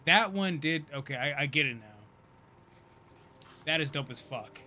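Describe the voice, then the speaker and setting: A man in his thirties giving casual, profane live-stream commentary, chatty and quick to laugh. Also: fairly high pitch, expressive, sharp tone, soft background music. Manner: loose, profane, laughs often, chatty asides.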